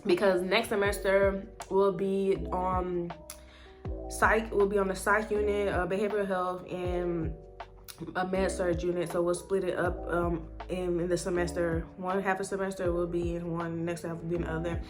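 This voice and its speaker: A woman's voice: fairly low pitch, little pitch movement, moderate pace. Chatty woman vlogging over music. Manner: chatty, leans heavily on "like" and "um". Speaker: nursing student vlogger. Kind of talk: casual chat.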